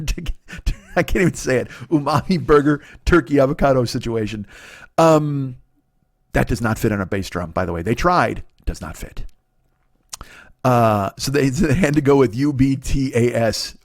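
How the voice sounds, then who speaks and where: Podcast host, man in his forties, quick rambling talker, swears a lot, dry close sound. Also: medium pitch, no room sound. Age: 40s. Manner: rambling, profane, animated, self-deprecating. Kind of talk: casual storytelling monologue.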